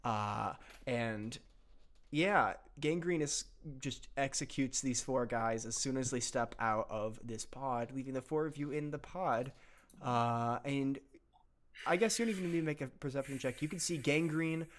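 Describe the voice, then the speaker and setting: A man's voice: medium pitch, unhurried. A man narrating as game master of a comedic tabletop game, loose and rambling with fillers.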